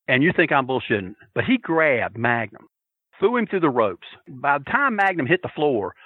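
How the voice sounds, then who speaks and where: A man telling a story on a podcast, loud and profane, acting out the shouts of the crowd with laughter. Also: medium pitch, breathy edge, no echo, narrow, tinny audio. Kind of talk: animated storytelling.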